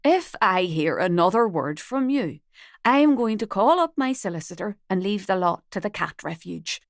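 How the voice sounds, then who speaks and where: A woman voicing a gentle elderly lady with a quiet, careful way of speaking. Her voice sits in a plain middle pitch and sounds dry and close to the mic. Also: expressive, normal speed, dry recording, lightly acted. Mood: firm. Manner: quiet, then firm. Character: soft-spoken elderly woman growing bolder.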